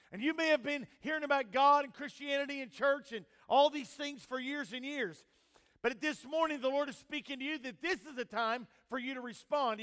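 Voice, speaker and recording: Older man, pastor, very high voice, loud calls and quiet asides, long church reverb. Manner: preaching with swings between loud emphatic calls and quiet asides; mixes scripture reading with homespun family stories. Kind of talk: sermon. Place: church sanctuary.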